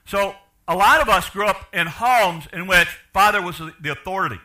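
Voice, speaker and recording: An older man preaching a sermon, asking the congregation questions and swinging from loud to quiet. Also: sits high, moderate pace. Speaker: pastor.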